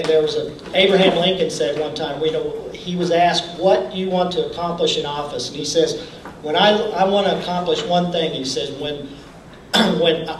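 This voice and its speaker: A man giving a folksy motivational speech at a campaign training event. He often restarts his sentences and clears his throat. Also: fairly high pitch, slight background noise. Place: event hall. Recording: echoey hall from far off.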